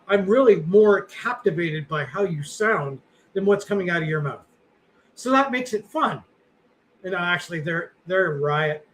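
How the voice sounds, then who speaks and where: A man's voice: high voice, fairly bright tone, slight background noise, low-quality recording. A middle-aged man co-hosting a podcast, chatting casually in a rambling, self-deprecating way with lots of fillers. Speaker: podcast co-host. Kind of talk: casual chat.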